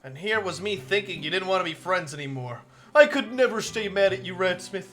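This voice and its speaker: A man voicing a sweet, tearful teenage girl from a visual novel, soft, apologetic and clingy. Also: high-pitched, animated, brisk, pitched above the performer's own voice. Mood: tearful, affectionate.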